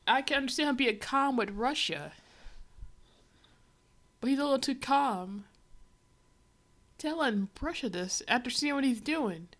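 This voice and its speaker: A woman's voice: sits high, lively intonation, a little slow, pauses often, a bit bright. A woman livestreaming as she reads a comic, giving a rambling, wry running commentary full of fillers. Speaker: livestreamer reading a comic aloud.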